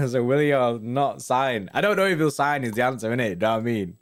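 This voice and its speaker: A fast-talking young man with a medium-pitched voice hosts a laid-back football fan stream. He reads out what viewers write and chats with them loosely, peppering his banter with "mate" and "innit."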